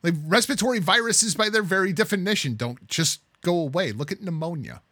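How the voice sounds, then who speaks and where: A man's voice: high-pitched, animated, fairly quick, pushed and bright, no echo. A man hosting a podcast, ranting emphatically in casual chat and swearing in exasperation. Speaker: podcast host.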